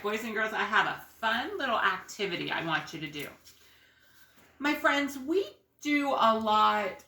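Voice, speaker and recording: A woman preschool teacher reading aloud to young children and leading a class activity, slow, sing-song and encouraging, dropping to soft asides. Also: on the low side, echoey room.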